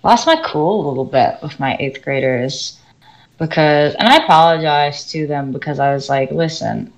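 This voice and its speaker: A woman who teaches orchestra, co-hosting a podcast and ranting in a lively, animated storytelling way. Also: deep voice, moderate pace, rough recording. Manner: animated storytelling, swings loud and soft. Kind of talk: casual podcast rant.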